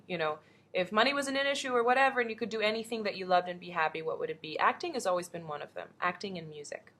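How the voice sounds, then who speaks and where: A young woman from the Philippines answers fan questions into a webcam in a loose, upbeat ramble. Her voice sits a little low but comes across bright and sharp. She jumps between topics like a relaxed, chatty actress. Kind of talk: casual webcam Q&A. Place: indoors at home.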